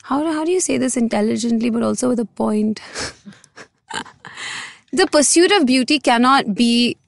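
A young woman with an Indian English accent, co-hosting a casual podcast and steering the chat with quick, teasing remarks. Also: a little high, vocal fry, no echo, studio quality. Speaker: podcast co-host.

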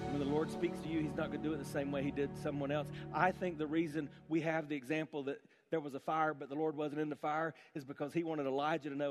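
A man's voice: a little high, level tone, fast talker, few pauses, faint music behind. A man preaching an emphatic sermon full of rhetorical questions in a church. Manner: emphatic, rhetorical questions, dramatic shifts between loud and hushed. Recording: long hall reverb.

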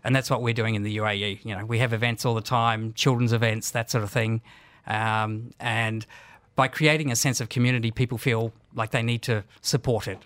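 A bookstore manager with an Australian accent and a slight New Zealand tinge, answering interview questions hesitantly with many fillers. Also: male voice, mid-range voice, flat delivery, fairly quick, fairly bright tone, no room sound.

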